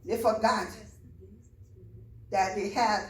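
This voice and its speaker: A woman's voice: medium pitch, steady tone, slow, echoey room, recorded from a distance, rough recording. A woman preaching a sermon to a church, building to fervent, repetitive calls to the congregation.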